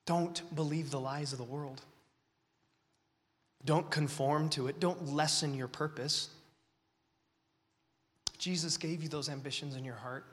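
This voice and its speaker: A man preaching to a young crowd with great passion, dropping to whispers and rising to shouts, while fighting the flu. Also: fairly high pitch, fairly even intonation, a little slow, pauses often. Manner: impassioned, swinging from whispers to shouts. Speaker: speaker at a youth gathering. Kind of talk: sermon. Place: large hall. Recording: long reverb of a large hall.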